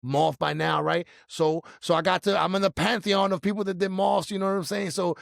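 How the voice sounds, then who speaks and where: A middle-aged man telling a personal story in casual chat, animated and acting out his own nervous moments. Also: high-pitched, a little fast, vocal fry, no room sound, clean studio sound. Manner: animated, acts out his own past panic in quotes. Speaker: storyteller guest.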